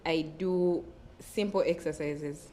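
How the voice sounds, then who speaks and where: A lower-voiced young woman with a Ugandan English accent talks through a story in a casual studio chat, laughing between phrases. Her voice sits low for a woman. A faint hum of room noise runs behind her. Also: fairly even intonation, takes it slowly, mellow. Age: 20s. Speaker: panelist.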